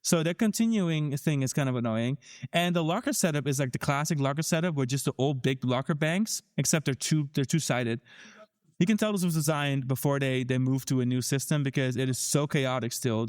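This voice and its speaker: A man co-hosting a theme park podcast, talking in a casual, animated and critical way with frequent restarts. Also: a little high, a little fast. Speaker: podcast co-host.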